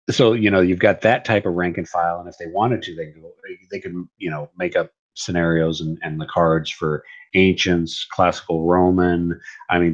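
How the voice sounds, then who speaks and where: A man's voice: low-pitched, highs cut off. A man hosting a live wargame stream, talking casually in a rambling, stop-start way full of fillers. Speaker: wargame channel host.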